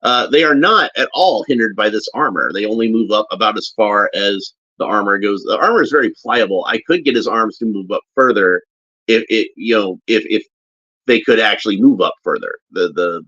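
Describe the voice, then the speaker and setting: A man giving casual, halting unboxing commentary as a toy reviewer, often restarting as he handles a figure. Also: lowish voice, animated, pushed and bright, husky, dry recording. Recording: dull lo-fi recording.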